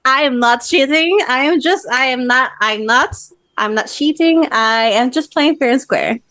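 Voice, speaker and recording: A woman's voice: sits high, moderate pace, pushed and bright, dry recording. A woman playing in a tabletop role-play, earnest and playful, insisting she plays fair. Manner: earnest, playful, defensive when teased. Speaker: player.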